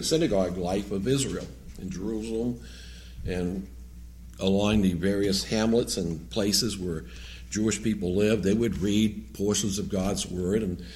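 A man's voice: fairly low pitch, darkish tone. A man from New England with a New England accent, preaching as a lay preacher in a church. He reads scripture, then talks in a loose, rambling way with joking asides. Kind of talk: sermon with scripture reading.

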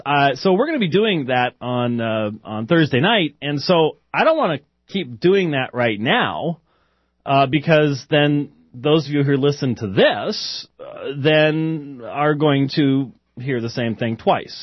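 A man's voice: fairly high pitch, no echo. Rambling man hosting a lo-fi talk show. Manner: chatty, digressive, many fillers and restarts. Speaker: podcast host. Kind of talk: casual rambling commentary.

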